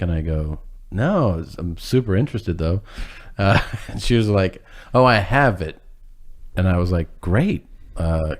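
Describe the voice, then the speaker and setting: A man's voice: deep voice, a little mellow. A man telling a rambling, self-deprecating story in casual chat, acting out what people said and laughing as he goes.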